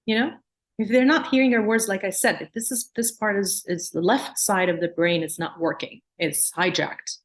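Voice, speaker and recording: A psychologist and lecturer, originally from Palestine and raised in Jordan, teaches a workshop in a mid-range voice. She is earnest and explanatory, at times demonstrating soothing sing-song tones.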